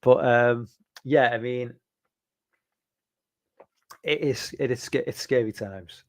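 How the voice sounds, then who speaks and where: A man's voice: medium pitch, steady tone, takes it slowly, no room sound. Man, live-stream host, loose rambling talk, many fillers, dry room. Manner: reads out and answers viewer chat. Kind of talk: casual live-stream chat.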